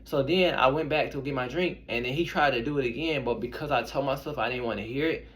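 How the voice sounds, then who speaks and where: A young man tells personal stories straight to his viewers in a relaxed, rambling way. He circles back, restarts sentences and calls his audience y'all. His voice sits in an ordinary middle pitch for a man. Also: fast talker. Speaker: intuitive reader and medium. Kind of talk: casual storytelling to camera.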